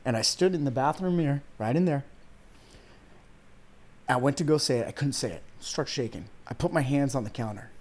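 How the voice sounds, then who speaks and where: A man's voice: medium pitch, brisk, long pauses, darkish tone. Earnest man in his thirties telling his story. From Iran. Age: 30s. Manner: earnest, heartfelt storytelling with frequent "man" and "dude". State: close to tears at times. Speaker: podcast guest, weight loss coach. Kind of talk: casual interview conversation.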